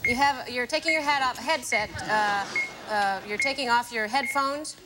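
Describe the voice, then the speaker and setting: A woman giving clues on a TV game show, halting and giggly, full of uh and restarts. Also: fairly high pitch. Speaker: celebrity game player. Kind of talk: rapid clue-giving in a word game. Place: TV studio with live audience. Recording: old TV broadcast with audience noise.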